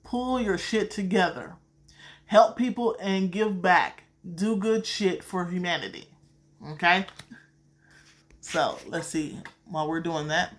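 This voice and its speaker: A woman's voice: lowish voice, takes it slowly. A woman with a Southern accent, reading tarot cards on a casual live stream, blunt and profane, calling viewers sweetheart. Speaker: tarot card reader.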